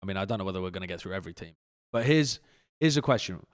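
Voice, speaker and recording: Relaxed man steering a podcast chat. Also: low voice, rapid-fire. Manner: relaxed, steering the talk with questions. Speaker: podcast host leading the segment. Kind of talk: casual esports podcast chat.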